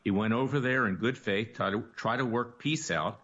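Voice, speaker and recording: A man's voice: on the low side, moderate pace, a bit bright, slightly rough, highs cut off. A man in a played clip giving an indignant political monologue, denouncing opponents.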